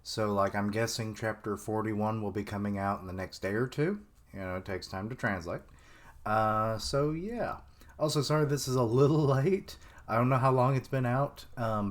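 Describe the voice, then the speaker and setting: A young man with a voice on the low side reacts live to a manga chapter in casual commentary. He rambles, chuckling and using lots of filler words.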